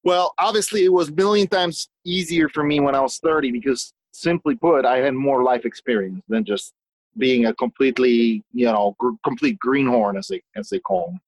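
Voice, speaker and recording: A man telling stories as a guest in a casual conversation, animated and talkative, often restarting his sentences. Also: mid-range voice, normal speed, no room sound, low-quality recording. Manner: swears casually. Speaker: guest, business owner.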